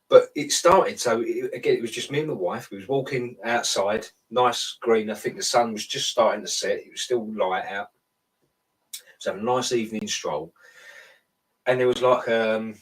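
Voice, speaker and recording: A man recounting a dream in loose, chatty talk, stopping and restarting mid-sentence. His voice sits fairly low. He sounds set back from the microphone. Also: recorded from a distance, rough recording. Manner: rambling storyteller, self-interrupting. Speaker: guest telling a dream. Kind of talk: casual chat.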